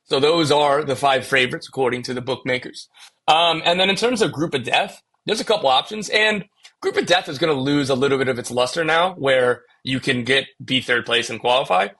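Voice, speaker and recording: A man's voice: medium pitch, a little fast, pushed and bright. A young man hosting a casual podcast, restarting his sentences and leaning on fillers as he asks questions. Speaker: podcast host.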